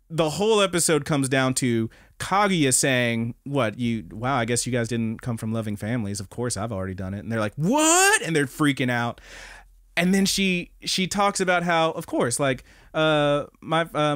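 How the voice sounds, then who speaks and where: A young man co-hosting a casual anime podcast, excitedly retelling scenes with laughter and swearing. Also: mid-range voice, no echo, studio quality. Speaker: podcast co-host.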